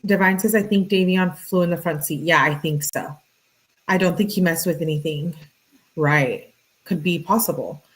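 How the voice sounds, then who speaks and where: A woman's voice: fairly low pitch, moderate pace, low-quality recording. A woman reading text messages aloud and adding casual, exasperated comments while answering chat questions. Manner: exasperated asides between read messages. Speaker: true crime commentator.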